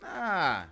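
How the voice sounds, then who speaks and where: A man's voice: sits high, bright, forceful tone. A young man hosting casual reaction commentary, slangy and often laughing. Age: young adult. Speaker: commentary host.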